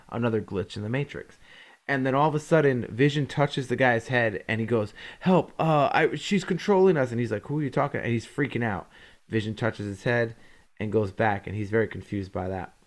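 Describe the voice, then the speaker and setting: A man's voice: medium pitch, fairly quick. A man co-hosting a podcast, recapping episodes in a rambling, casual way and acting out lines from the show. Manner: rambling, acts out quotes from the show. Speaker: podcast co-host.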